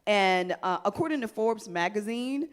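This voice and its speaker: A woman's voice: medium pitch, animated, moderate pace. Woman, talk show host, panel discussion, emphatic, speaks to the group. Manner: emphatic, addresses panel directly.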